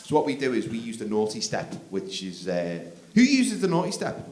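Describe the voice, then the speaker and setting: A man doing live stand-up comedy on a theatre stage, telling stories in a conversational, animated way. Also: medium pitch, moderate pace. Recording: echoey theatre, loud crowd noise.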